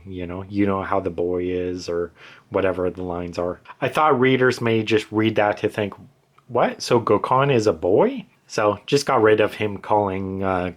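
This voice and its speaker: A man in casual talk, explaining changes he made to his writing, rambling with many fillers and restarts. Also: lowish voice. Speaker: author explaining his edits.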